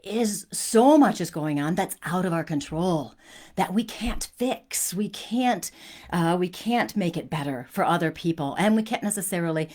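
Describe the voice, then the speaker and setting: A woman's voice: on the low side, lively intonation, normal speed, a little mellow. A woman hosting a spiritual talk, telling a personal story in an earnest, conversational way with frequent restarts.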